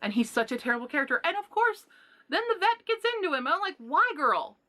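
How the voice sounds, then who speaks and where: A woman giving a casual book review, retelling plots in an animated, indignant rant with sighs and exasperated asides. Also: extremely high pitch, fast talker.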